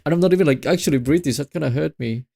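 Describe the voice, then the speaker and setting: A man's voice: on the high side, rapid-fire, vocal fry, mellow, slight background noise. A man streaming a game, chatting casually and rambling with his chat between reading lines. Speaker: VTuber streamer.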